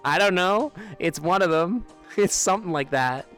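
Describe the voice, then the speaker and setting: A man's voice: sits high, animated, slow pace, long pauses, fairly bright tone, faint music behind. A man chatting casually on a live stream while sitting outdoors, rambling, trailing off mid-sentence and laughing often. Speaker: livestreamer. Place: outdoors near an amphitheater.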